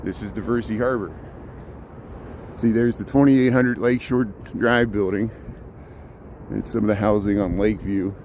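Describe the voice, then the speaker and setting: A man's voice: lowish voice, fairly even intonation, moderate pace, long pauses, a little mellow, lo-fi sound, slight background noise. A man hosting a walking livestream outdoors in a city park at dawn, rambling with repeated words and restarts, a little out of breath, talking into a handheld phone. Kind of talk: casual live walking commentary.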